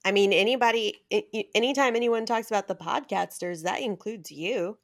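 A woman's voice: mid-range voice, fairly quick, vocal fry. A woman hosting a podcast in a playful, joking manner, laughing often. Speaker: podcast host. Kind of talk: casual comedic chat.

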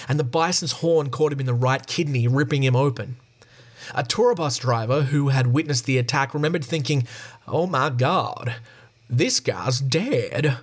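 A man hosting a podcast, reading a prepared script in a steady storytelling tone. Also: a little high. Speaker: podcast host. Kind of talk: scripted narration.

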